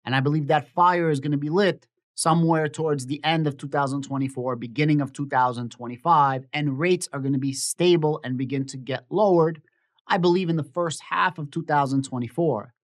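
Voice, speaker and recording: A man's voice: a little high, fairly even intonation, fairly quick. A man talks through market news on his own channel in a casual, explanatory tone. He is opinionated and keeps circling back to the predictions he says he made. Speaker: stock market YouTuber. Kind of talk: casual finance commentary to camera.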